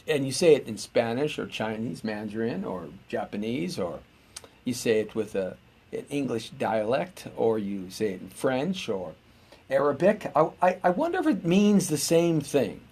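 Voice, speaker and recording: A man's voice: mid-range voice, expressive, a little slow, breathy edge. A middle-aged American man hosting a live-streamed show, rambling in a chatty, meandering way with lots of filler words and restarts. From United States. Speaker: host.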